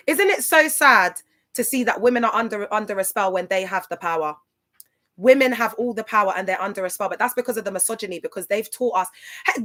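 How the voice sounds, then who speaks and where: A woman's voice: medium pitch, fairly bright tone. Emotional woman livestreaming. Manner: emphatic, repeats phrases. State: tearful in places. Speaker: livestream host. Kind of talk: casual livestream chat.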